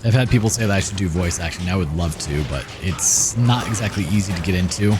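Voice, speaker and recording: A man hosting a gaming channel, chatting in a relaxed, rambling way as he comments over gameplay. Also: deep voice, fast talker, noisy background. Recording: game music playing behind. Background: game music.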